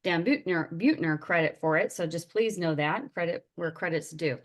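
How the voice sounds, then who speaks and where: A woman's voice: on the low side, lively intonation, moderate pace. A woman yoga teacher leading an online workshop over a video call, chatty and upbeat, greeting attendees by name. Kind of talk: casual online workshop talk.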